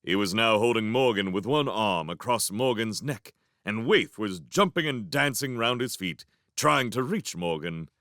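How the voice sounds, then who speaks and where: A man reading a novel chapter aloud as a fan reading, narrating in an animated way. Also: on the low side, a little slow, hardly any pauses, dry recording, studio quality. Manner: animated, voicing each character. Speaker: reader. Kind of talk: storybook narration.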